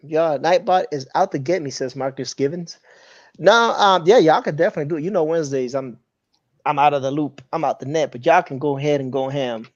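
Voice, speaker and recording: A fairly high-voiced man hosts a casual livestream chat, laughing often as he reads viewer comments aloud. His voice comes through a slightly muffled, lo-fi feed. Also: fairly quick. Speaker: podcast host.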